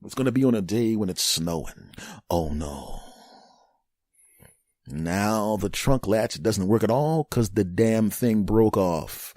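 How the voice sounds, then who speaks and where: A man's voice: on the low side, slow, dry recording, clean studio sound. A man hosting a comedy show, telling a rambling monologue and acting out voices and sounds. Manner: animated, acts out voices and sounds. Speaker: comedian host. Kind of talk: comic monologue.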